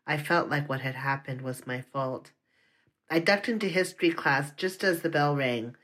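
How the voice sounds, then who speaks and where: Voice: mid-range voice, moderate pace, fairly bright tone. An audiobook narrator telling a first-person story in an earnest, confessional manner.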